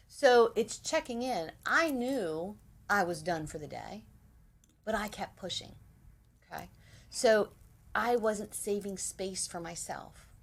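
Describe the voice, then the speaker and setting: A middle-aged woman hosting a casual spiritual talk, animated, acting out little quoted dialogues. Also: mid-range voice. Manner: animated, quotes herself and her husband in dialogue. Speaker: spiritual host.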